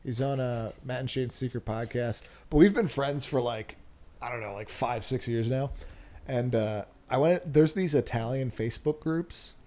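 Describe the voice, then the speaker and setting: A man's voice: medium pitch, normal speed, dark tone. A man who is a comedian guest on a podcast, telling a story in a rambling way and laughing between sentences. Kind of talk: casual podcast chat.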